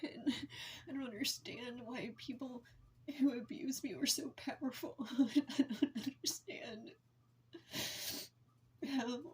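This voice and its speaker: A woman's voice: high voice, a little mellow, a little hiss or hum. Woman in her forties, blunt profane venting. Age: 40s. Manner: blunt and heavily profane, halting and emotional. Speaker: vlogger. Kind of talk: raw personal venting to camera.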